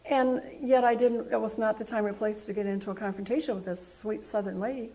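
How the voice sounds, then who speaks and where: A woman's voice: medium pitch, fairly even intonation, brisk, warm tone. Woman guest telling a personal story. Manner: thoughtful anecdotal storytelling. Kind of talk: casual conversation.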